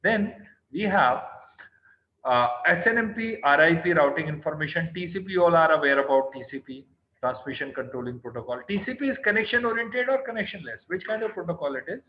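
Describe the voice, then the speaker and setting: A man's voice: on the high side, lively intonation, a little fast. A man with an Indian English accent teaching an online class, quizzing students by name and often asking "right?". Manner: stern, scolds students on tone. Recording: roomy, dull online call audio.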